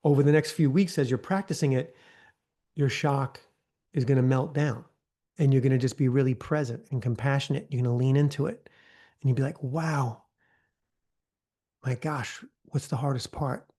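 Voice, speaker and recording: A man's voice: mid-range voice, steady tone, fairly quick, mellow. A man leading a live online training, coaching in a conversational way and often checking in with "okay?" and "right?". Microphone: video call.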